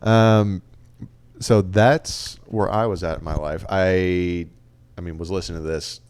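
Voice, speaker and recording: A man co-hosting a casual podcast, his voice sitting on the low side. He chats loosely and reads out facts and review quotes. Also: steady tone, unhurried, darkish tone, clean tone. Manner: chatty, reads out stats and quotes. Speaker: podcast co-host. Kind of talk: casual chat.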